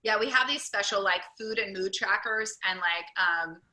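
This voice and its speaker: Woman, program coach, casual interview, enthusiastic, run-on sentences, bright voice, echoey room. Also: mid-range voice. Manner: enthusiastic, talks in quick run-on bursts with many "like"s. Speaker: weight loss program coach and host.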